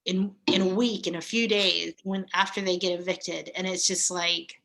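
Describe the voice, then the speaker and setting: A woman in her thirties talking slowly and reflectively in a casual, heartfelt chat, pausing and laughing softly. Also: lowish voice, fairly even intonation, vocal fry. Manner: slow, reflective, with soft laughs and pauses. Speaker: guest.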